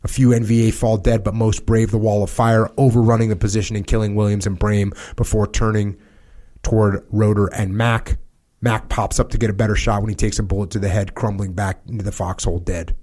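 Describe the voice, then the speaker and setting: A man hosting a podcast, reading a wartime account aloud in a measured, grave way, with small slips and restarts. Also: lowish voice, darkish tone. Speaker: podcast host.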